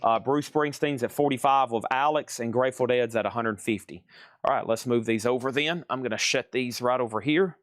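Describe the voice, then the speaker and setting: A man's voice: mid-range voice, dry recording, studio quality. Folksy man running a record auction. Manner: brisk, repeats prices and names, folksy asides. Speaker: live auction seller. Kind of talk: live-stream sales patter. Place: record shop, moving between crates.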